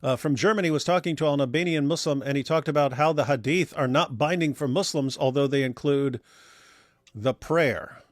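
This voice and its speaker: A man's voice: a little high, moderate pace, no room sound, clean studio sound. A man co-hosting a casual livestream, reading viewer messages aloud and commenting in a wry, rambling way with many restarts. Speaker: livestream co-host reading super chats.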